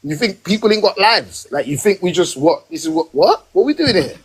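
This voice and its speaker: A man holds forth on a casual live stream from his home, animated and emphatic. His voice sits a little high and sounds husky, with a slight rasp on every word. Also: moderate pace, poor audio. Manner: animated, emphatic, rising in pitch when worked up. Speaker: podcast host. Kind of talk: heated casual rant.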